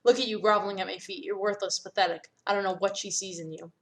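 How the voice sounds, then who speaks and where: A woman's voice: medium pitch, steady tone, fast talker, a bit bright, close to an everyday voice. A woman reading the lines of a cruel, sneering teenage boy bully in a story game, in a plain voice close to her own. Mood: mocking. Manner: sneering, threatening.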